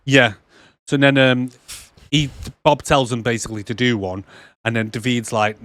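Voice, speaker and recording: A man co-hosting a casual podcast, retelling film scenes with swearing and quick quoted voices. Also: lowish voice, steady tone, fairly bright tone, no room sound. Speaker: podcast co-host. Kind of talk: casual chat.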